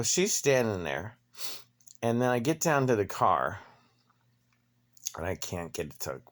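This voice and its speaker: A man in his fifties ranting, telling an angry personal story in a profane, indignant voice and playing out both sides of the argument. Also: lowish voice. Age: 50s. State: limping, needs knee replaced. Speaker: vlogger.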